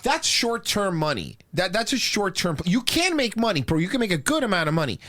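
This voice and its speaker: A man's voice: high voice, big pitch swings, fairly quick, fairly bright tone. A man co-hosting a podcast, ranting in crude, profane political banter. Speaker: podcast co-host.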